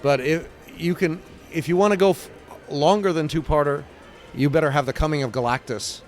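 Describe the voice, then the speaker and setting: An older man from England, a comic book writer being interviewed, telling stories with lively sound effects and acted-out quotes. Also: on the high side, fairly quick, soft background music. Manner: animated, acts out scenes with sound effects and quoted voices. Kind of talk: casual interview storytelling.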